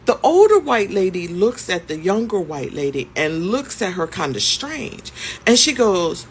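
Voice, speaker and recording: A woman's voice: mid-range voice, sing-song, measured pace, a little hiss or hum. A woman in her fifties telling a story in a conversational, emphatic way, with frequent rhetorical questions. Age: 50s. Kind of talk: storytime vlog.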